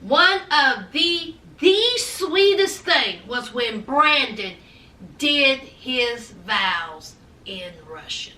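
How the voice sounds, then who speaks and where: A woman recaps reality TV in a sassy, chatty gossip style, tossing in honey and child all the time. Her voice is very high and piercingly bright. She sits a bit back from the mic in an echoey room. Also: extremely slow, far from the mic. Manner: sassy and animated, calls viewers honey and child.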